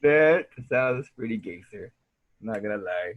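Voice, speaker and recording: A man's voice: fairly low pitch, lively intonation, measured pace, narrow, tinny audio. A young man with a Southern Californian accent, a podcast guest, talking in a laid-back, slangy way and swearing casually. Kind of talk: casual conversation.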